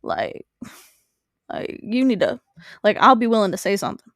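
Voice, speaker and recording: A woman's voice: medium pitch, unhurried, dry recording, clean studio sound. A woman co-hosting a podcast in casual chat, rambling with lots of fillers. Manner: rambling, many fillers, animated. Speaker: podcast co-host.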